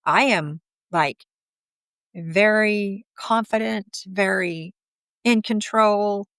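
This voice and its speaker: A woman's voice: medium pitch, extremely slow, a bit bright, clear, resonant tone, no echo, studio quality. A woman in her fifties, an interview guest, telling her own story in a candid, outspoken way with occasional laughs. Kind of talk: personal storytelling.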